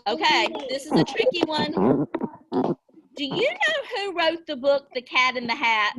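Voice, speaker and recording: Slow, high-voiced woman teaching phonics. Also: sing-song. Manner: slow, encouraging, exaggerated sounding-out. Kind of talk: online phonics lesson with children. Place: home, video call. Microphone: laptop mic on video call. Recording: noisy video call audio.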